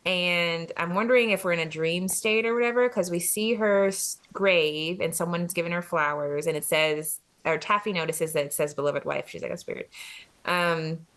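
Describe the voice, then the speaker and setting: A woman's voice: on the low side, moderate pace, a bit bright. A woman co-hosting a film podcast, casually retelling the plot and often laughing. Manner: laughs often, retells scenes with playful voices. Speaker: podcast co-host. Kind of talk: casual film review chat.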